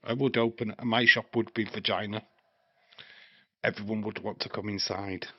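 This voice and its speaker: A man's voice: on the low side, fairly even intonation, moderate pace, no room sound. A man, hosting a live stream with crude jokes, rambling chat and frequent laughter. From England. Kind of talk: casual live watch-along chat. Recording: dry, slightly dull stream mic.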